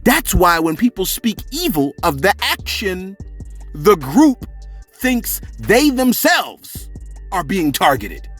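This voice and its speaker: A man hosting a celebrity gossip channel, talking in animated, joking street slang. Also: high voice, slow, husky, soft background music.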